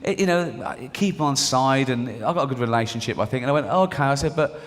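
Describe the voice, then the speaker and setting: A man's voice: medium pitch, fast talker. A middle-aged English man performing a stand-up comedy routine, chatty and conversational, checking in with the audience as he goes. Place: large venue with an audience. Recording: reverberant live hall, audience noise.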